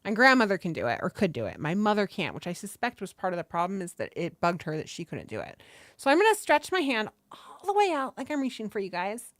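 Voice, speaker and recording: A woman's voice: medium pitch, big pitch swings, fast talker, fairly bright tone, no room sound. Chatty woman on a dry close mic. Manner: chatty, swears casually, greets viewers from chat. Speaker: livestream host. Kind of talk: casual livestream chat leading stretches. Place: seated at a table at home. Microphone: desk microphone close by.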